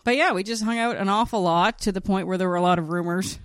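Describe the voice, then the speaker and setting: A middle-aged woman in easy conversation, her voice close and dry with no room sound. She tells a story at an even, middling pitch, relaxed and loose, with the odd swear. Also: quick pace, no room sound. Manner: laid-back storytelling, swears freely. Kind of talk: casual chat.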